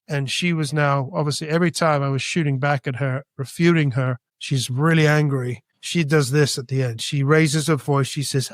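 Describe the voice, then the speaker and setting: Animated man raised in Spain. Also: on the high side, moderate pace, hardly any pauses, no room sound. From born in Britain, raised in Spain. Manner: animated, acts out dialogue. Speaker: guest artist. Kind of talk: storytelling interview.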